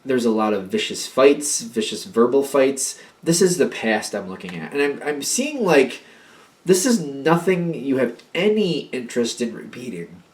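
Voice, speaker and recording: A man's voice: medium pitch, sing-song, moderate pace. A man giving a casual tarot reading to camera, talking in a hesitant way, often repeating words and using fillers. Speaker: tarot reader.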